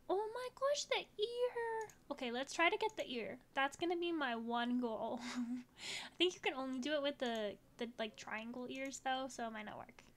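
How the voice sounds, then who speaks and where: With a high, fairly bright voice, a female gaming YouTuber talks her way through a game, full of bubbly chatter aimed at the screen and at her dogs.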